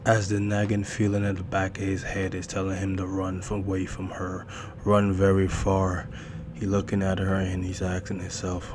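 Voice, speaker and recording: A man's voice: low voice, completely flat delivery, normal speed, noisy background. A man telling a horror story in a loose, colloquial way, with small slips as he goes.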